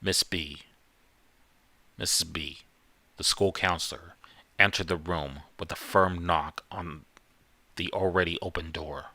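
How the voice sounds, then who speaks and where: Deep, slow man stumbling through a reading. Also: steady tone, sharp tone, no echo. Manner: stumbling, self-correcting reading. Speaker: story narrator. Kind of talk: live horror story reading.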